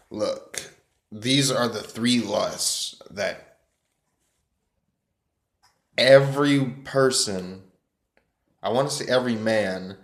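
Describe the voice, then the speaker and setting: Lower-voiced man ranting casually. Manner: rambling, profane, loud opening hype. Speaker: vlogger. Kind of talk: casual rant. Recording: echoey room.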